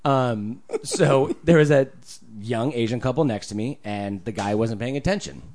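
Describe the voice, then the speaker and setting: A man co-hosting a casual podcast chat, an animated storyteller who swears freely. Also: medium pitch, moderate pace. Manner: animated storyteller, swears freely, jumps into loud put-on voices. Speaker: podcast co-host.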